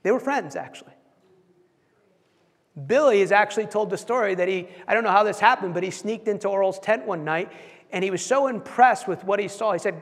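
High-voiced man preaching in a reverberant hall. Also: fairly quick. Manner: animated, acts out quotes, stumbles and repeats words. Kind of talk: sermon storytelling.

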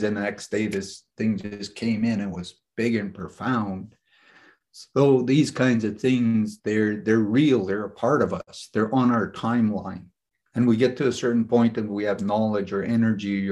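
A man's voice: lowish voice, a little mellow. A man leading a group session as a spiritual teacher, talking casually and earnestly, telling personal stories with frequent restarts. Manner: rambling, earnest, frequent "you know" and restarts.

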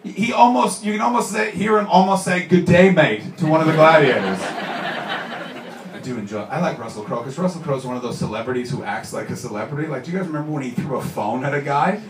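A man doing stand-up comedy, bantering with the crowd in a loud, sweary way. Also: on the high side, quick pace. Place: live comedy venue with audience. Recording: roomy, distant mic with background noise.

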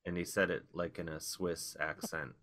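Deep-voiced wry male comedian. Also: moderate pace. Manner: rambling, wry storyteller with animated outbursts. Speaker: guest comedian and author. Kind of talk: casual podcast chat.

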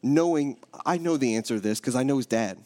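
A man's voice: medium pitch, fairly quick, warm tone. Joking man telling a story from the pulpit. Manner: joking, self-interrupting storyteller. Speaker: preacher. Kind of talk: sermon with prayer and personal story.

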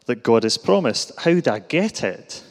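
A man's voice: mid-range voice, big pitch swings, moderate pace. A man with a Glasgow accent voicing a keen, blunt lawyer in a comic Bible story. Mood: eager. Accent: Glaswegian. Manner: blunt and eager. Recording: reverberant hall.

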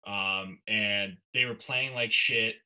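A man with a very bright, ringing voice tells stories on a casual podcast. He is animated, swears freely and laughs through his own stories. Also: on the low side, takes it slowly. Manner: animated storyteller, swears often, laughs while telling stories. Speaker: podcast co-host. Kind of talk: casual chat.

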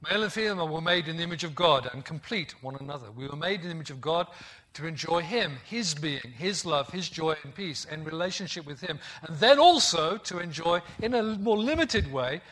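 A man's voice: on the high side, animated, fairly quick, a bit bright. A middle-aged man from the West Midlands of England, preaching a sermon with emphasis, repeating key phrases and asking the congregation questions.

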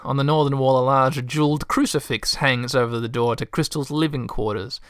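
A man's voice: mid-range voice, fairly even intonation, a little fast, smooth, dry recording, studio quality. A man reading out a text adventure and chatting wryly about his choices as he plays. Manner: wry, chatty, swears casually. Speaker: game streamer. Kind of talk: reading and playing a text game aloud.

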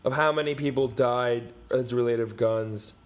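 Young man, mid pitch, slangy, laid-back, casual podcast chat. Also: moderate pace. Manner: loose and slangy, apologetic while searching. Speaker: podcast co-host.

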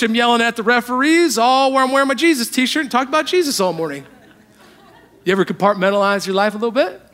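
High-voiced pastor, hushed to loud. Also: male voice, fairly quick. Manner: animated, humorous storytelling, swinging from hushed to loud. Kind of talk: sermon. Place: church.

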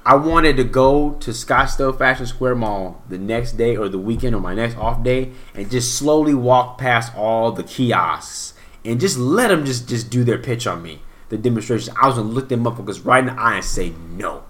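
Animated young man telling stories. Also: medium pitch, moderate pace. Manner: animated, profane, acts out quotes loudly. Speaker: podcast co-host. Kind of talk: casual storytelling chat.

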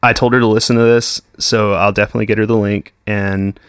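A man's voice: on the low side, flat delivery, fast talker, clean tone, no echo, clean studio sound. A young man, chatting casually as a podcast guest, full of swearing, "like" and "dude". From Texas. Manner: swears constantly, says "like" and "dude" a lot. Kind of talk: casual chat.

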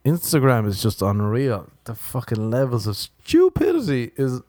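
A man's voice: mid-range voice, wildly swooping pitch, moderate pace, warm tone, dry recording, studio quality. A man with an Irish accent delivering a sardonic, profane comic rant, mocking himself as he goes.

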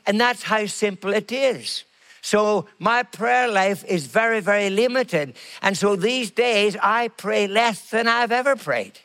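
Middle-aged male pastor, high voice, slow emphatic sermon delivery. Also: expressive, fairly bright tone, clean tone. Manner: slow emphatic preaching with repeated phrases.

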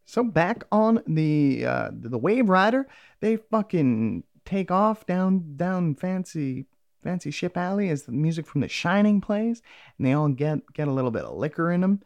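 Gravelly, animated man ranting a recap. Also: fairly high pitch, moderate pace, no room sound. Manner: rambling, heavy swearing, acts out quotes. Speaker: TV episode recapper. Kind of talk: casual profane recap.

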